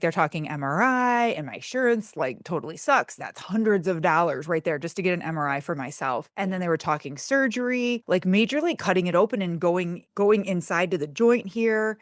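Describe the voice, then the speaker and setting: A woman with a Michigan accent hosting a podcast, chatting in a gushing, excitable way full of "like". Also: lowish voice, no room sound, clean studio sound. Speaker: podcast host. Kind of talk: casual podcast chat.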